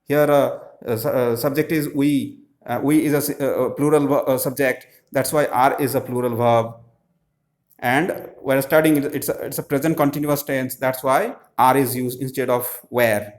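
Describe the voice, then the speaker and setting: A man, explaining textbook grammar answers slowly, with many pauses and fillers. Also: medium pitch, steady tone. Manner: slow, halting, many "uh" fillers. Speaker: English teacher.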